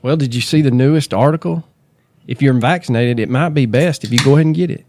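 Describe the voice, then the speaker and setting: A man's voice: mid-range voice, fast talker, darkish tone, no echo. A man co-hosting a true crime podcast, chatting casually and reading out case notes. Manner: laid-back, joking, reads case notes. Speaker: podcast co-host.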